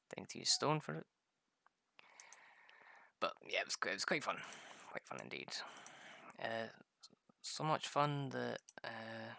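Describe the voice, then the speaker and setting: Gravelly-voiced man rambling over gameplay. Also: medium pitch, bright, forceful tone, no room sound. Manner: rambling, profane storytelling. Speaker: gamer. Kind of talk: casual gameplay commentary.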